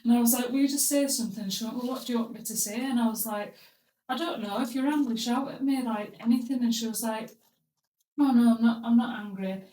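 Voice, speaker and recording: A woman's voice: a little high, fast, mellow, distant mic. A young woman hosting a podcast, telling her story in a blunt, crude, comic way. She sits a little back from the mic, so her voice carries some room echo. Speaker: podcast host. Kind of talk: casual storytelling chat. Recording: roomy, a bit off-mic.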